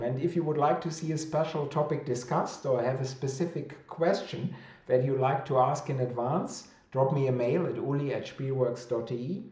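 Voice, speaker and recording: A man's voice: medium pitch, darkish tone, echoey room. A man with a thick German accent hosting a casual livestream chat, reading out viewer comments with many fillers and restarts. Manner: hesitant with many fillers and restarts, laughs easily. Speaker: host of a weekly publisher chat.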